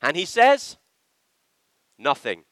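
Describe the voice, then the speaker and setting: This preacher speaks slowly through his church sermon, yet his pitch moves animatedly up and down. Bright and a bit sharp in tone, he leans hard on his points and performs brief quoted lines. The recording is close and dry, with hardly any echo from the room.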